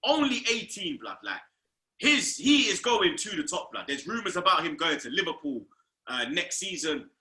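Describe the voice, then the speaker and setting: A loud, excitable man hosts a football chat, swearing freely as he goes. His voice is fairly high and very bright and sharp. The room gives it a clear echo. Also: moderate pace. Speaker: host. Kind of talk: casual football banter.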